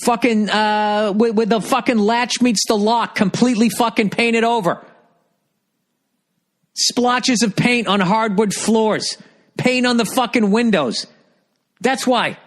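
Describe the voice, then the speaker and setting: A man's voice: high voice, slow. A middle-aged man ranting profanely and sarcastically as a podcast host, reading out listener comments and firing back. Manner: reads listener comments aloud and answers them. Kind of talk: ranting monologue.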